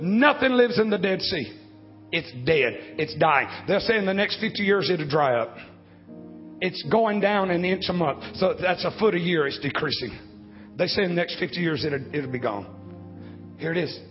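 Man, 50s, preacher, high voice, quiet-to-shouting swings, muffled recording. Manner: swings from low quiet talk to loud shouting. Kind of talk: sermon. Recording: dull lo-fi recording with faint music.

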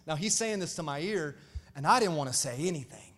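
A man with a notably high voice preaches a storytelling sermon, animated and often calling out to his congregation. His voice rings through a church hall with a long echo. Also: brisk. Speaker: pastor.

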